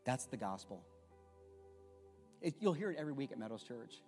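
A middle-aged pastor preaching in an emphatic, conversational, storytelling way, recorded in an echoey church with faint music. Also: male voice, mid-range voice, very animated, moderate pace, darkish tone. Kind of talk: sermon. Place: church sanctuary.

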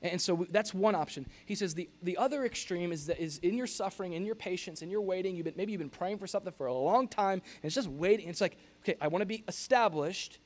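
A middle-aged pastor preaching a sermon in an animated, jokey way, acting out grumbling noises. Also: male voice, high voice, fast, hardly any pauses.

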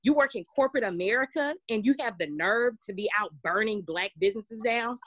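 A woman's voice: fairly high pitch, brisk, fairly bright tone, slightly rough, no room sound. A woman, co-hosting a casual podcast discussion, talking emphatically with many restarts. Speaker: podcast co-host.

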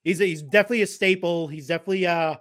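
A man's voice: high-pitched, very fast, fairly bright tone, no room sound, clean studio sound. A man hosting a casual podcast, rambling with plenty of fillers and restarts. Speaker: podcast host.

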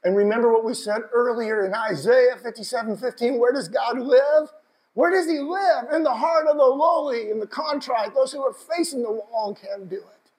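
A man with a high voice preaches with deep feeling, sometimes dropping to a near hush and then rising to fervent shouts. He pleads, questions the congregation and leans into the words with emotion. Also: moderate pace, poor audio. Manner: passionate, building from hushed to shouting. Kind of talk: sermon.

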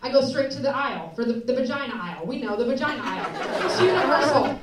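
An American woman telling a story on stage as stand-up, animated and laughing through her lines. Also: sits high, racing, heavy background noise. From United States. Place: live show before an audience. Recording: live venue, roomy, distant mic, loud crowd.

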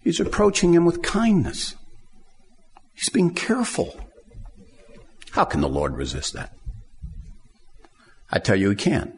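A man's voice: on the high side, huge pitch swings, unhurried, long pauses, big-room sound. A man preaching a sermon in a conversational way, acting out the scenes he describes.

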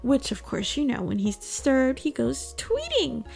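A woman with a slightly high, gravelly-edged voice delivers casual political commentary. She talks emphatically and outspokenly, often stopping for laughing asides. Faint music plays softly behind her. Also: huge pitch swings, a little slow.

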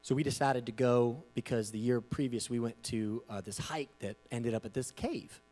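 A man preaching, telling a personal story in a loose, conversational way with frequent asides, swinging from quiet to loud as he acts out what people said. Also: mid-range voice, moderate pace, faint music behind. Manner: animated, conversational, with frequent "you know" asides. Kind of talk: storytelling sermon.

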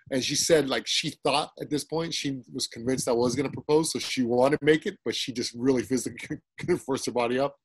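Male, mid-pitched, relaxed storyteller, dry close-miked sound. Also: husky, no echo, low-quality recording. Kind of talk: casual chat.

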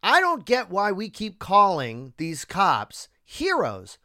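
A man talking casually as a co-host, swinging his pitch widely as he gets worked up. He digresses and restarts often, and his voice is recorded dry and close. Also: slow pace, dry recording. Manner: animated, emotional, digressive with many restarts. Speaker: podcast co-host. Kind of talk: casual political chat.

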